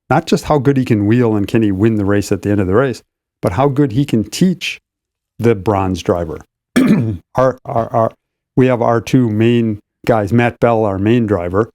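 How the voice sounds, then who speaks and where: An older man, co-host and racing competition director, explaining race strategy in a measured, casual way. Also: medium pitch, warm tone, no echo, clean studio sound. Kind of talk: casual podcast chat.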